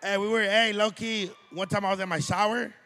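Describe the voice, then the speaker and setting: A man's voice: high-pitched, steady tone, brisk, bright, forceful tone. A man co-hosting a live podcast on stage, telling a rowdy story full of swearing and Spanish slang. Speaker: podcast co-host. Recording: live venue with long reverb.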